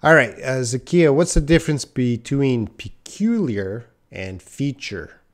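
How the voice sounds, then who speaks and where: A man's voice: mid-range voice, expressive, unhurried. A man teaching English on a live stream, reading out viewers' questions and thinking aloud with lots of fillers. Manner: thinking aloud with many uh fillers, reads viewer names and comments.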